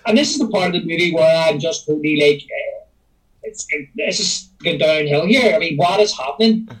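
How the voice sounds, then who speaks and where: A man's voice: fairly high pitch, lively intonation, normal speed, fairly bright tone, distant mic, rough recording. A man co-hosting a casual film review podcast, rambling as he retells scenes at length. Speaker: podcast co-host.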